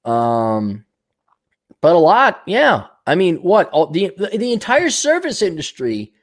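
Brief: male livestream host, slightly high voice, blunt profane rants, loose off-the-cuff delivery with lots of fillers. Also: wildly swooping pitch. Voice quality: fast, loose delivery with many fillers and restarts. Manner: profane, blunt, ranting with loud outbursts. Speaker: livestream host reading viewer donations. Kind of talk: casual livestream rant.

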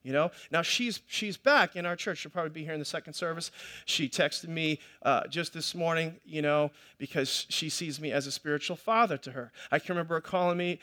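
A man's voice: fairly high pitch, a little fast, sharp tone. A middle-aged male pastor preaching a sermon, telling stories in a chatty way with many restarts and repeated words. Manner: conversational storytelling, with many restarts and repetitions.

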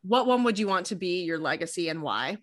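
Teasing woman cohost, lowish voice. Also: expressive, a little fast, fairly bright tone. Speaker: podcast co-host. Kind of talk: casual comedy podcast chat.

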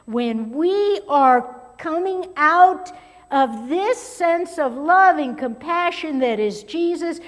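Expressive woman preaching in a reverberant church. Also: high-pitched. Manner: expressive, swings between loud emphasis and near-whispered asides. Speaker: pastor. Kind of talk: sermon. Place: church sanctuary. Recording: long hall reverb.

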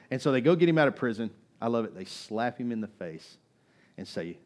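A male pastor delivering a sermon in a church. He talks in an easy, everyday way and leans hard on his key points. His voice sits at a middle pitch for a man. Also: sing-song, a little fast, darkish tone. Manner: conversational, emphatic, rising to exhortation.

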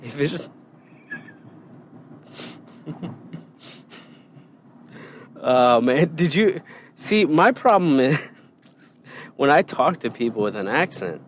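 A man's voice: a little high, animated, takes it slowly, pauses often, a little hiss or hum. A man co-hosting a podcast in casual chat, joking crudely and laughing often. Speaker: podcast co-host.

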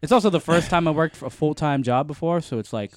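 A man's voice: fairly high pitch, fast. A young man co-hosting a podcast in casual chat, laid-back, swearing freely and laughing often. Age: young adult. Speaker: podcast co-host.

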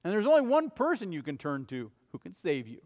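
Male pastor, earnest sermon delivery with urgent swells, slightly higher voice, long hall reverb. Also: wildly swooping pitch, brisk. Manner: earnest preaching, rising to urgent cries and dropping to soft, low passages.

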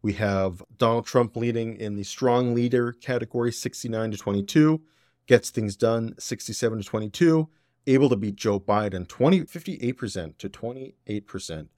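A man hosting a political commentary podcast, opinionated and sarcastic with quick asides. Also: mid-range voice, darkish tone, no room sound, studio quality. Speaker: podcast host.

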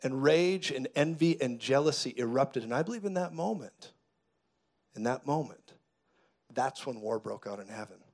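A man preaching a sermon, telling a story dramatically and building to loud, fervent declarations. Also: mid-range voice, lively intonation, moderate pace. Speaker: pastor.

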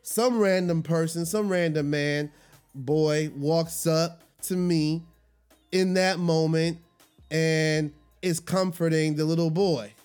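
A man's voice: on the high side, fairly even intonation, darkish tone, clear, resonant tone, soft background music. Emphatic man telling a story. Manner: emphatic, slows down to stress words when upset. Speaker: podcast host. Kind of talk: personal storytelling monologue.

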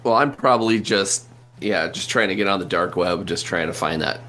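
A man's voice: sits low, normal speed, bright, forceful tone, soft background music. A man playing a tabletop role-playing game, hesitant and searching for words. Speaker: player.

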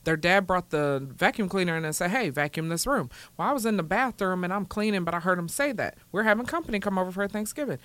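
Animated woman telling stories, dry mic. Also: fairly low pitch, quick pace, hardly any pauses, no room sound. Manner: animated storyteller, acts out quotes in a raised voice. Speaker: podcast co-host. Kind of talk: casual chat.

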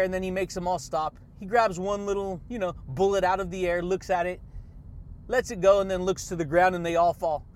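High-voiced excitable male podcast host. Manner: excitable, laughs often, catchphrases like "yeah, buddy" and "baby"; preachy, repetitive pep talk. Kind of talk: motivational podcast monologue.

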